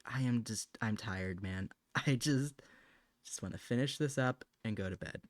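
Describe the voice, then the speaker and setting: A man's voice: fairly low pitch, moderate pace, no echo. A man at the end of a long day, drawing on a live stream and talking casually to his viewers. He is frank and a little snippy, then apologetic. The sound is dry and close. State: tired, late at night.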